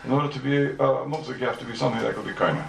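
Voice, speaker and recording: A man's voice: mid-range voice, fairly even intonation, racing, gravelly, a crowd in the background. A man teaching a Talmud class to students, firing rhetorical questions and repeating his phrases for emphasis. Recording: echoey room, mic far off, faint noise.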